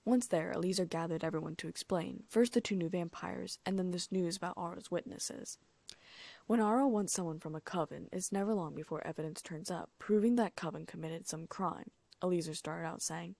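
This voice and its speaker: A woman's voice: on the low side, fairly quick, gravelly, dark tone, no echo. A woman narrating a first-person audiobook, reading the dialogue in her own voice with small lifts for each character.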